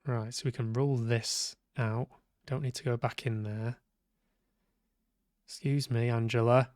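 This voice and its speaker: A man's voice: mid-range voice, steady tone, unhurried, darkish tone, no echo, clean studio sound. A man streaming a horror game, joking and talking back to its characters, swearing now and then when startled. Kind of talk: live gameplay commentary.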